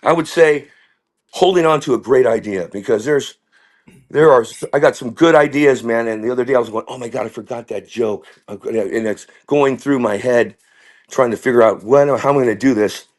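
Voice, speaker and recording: A stand-up comedian guest telling rambling, tangent-filled stories in casual chat. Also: male voice, mid-range voice, fairly quick. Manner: rambling, tangent-prone, full of restarts and voices.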